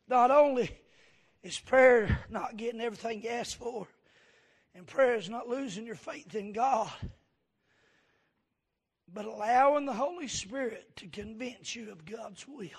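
High-voiced preacher, folksy then shouting. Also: male voice, vocal fry, slightly rough. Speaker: pastor. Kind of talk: sermon.

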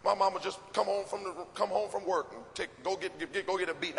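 A man doing stand-up comedy, telling an animated story and acting out scenes on stage. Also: high-pitched, fast talker, creaky, few pauses. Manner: animated, acts out scenes, gasps and shouts. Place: stage before a live audience. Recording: live hall with audience ambience.

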